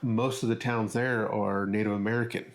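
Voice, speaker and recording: A man's voice: fairly low pitch, steady tone, normal speed. A man co-hosting a podcast in an easygoing, teasing way, asking his partner questions. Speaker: podcast co-host. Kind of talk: casual chat.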